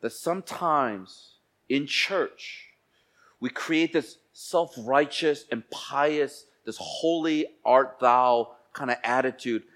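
A man's voice: mid-range voice, slow pace. Male pastor, sermon, church, dramatic volume swings, acts out quoted voices. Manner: dramatic swings between hushed and loud, quoting voices.

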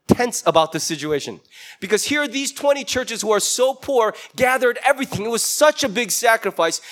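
A man's voice: high-pitched, a bit bright. A man preaching a sermon as a storyteller, acting out the voices of the people in his story. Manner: storytelling, acts out quoted voices.

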